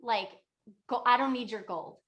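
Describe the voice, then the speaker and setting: A woman's voice: on the high side, moderate pace, highs cut off, lightly acted. A woman voicing a stern, impatient female yogini teacher who scolds in offhand modern slang. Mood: scolding.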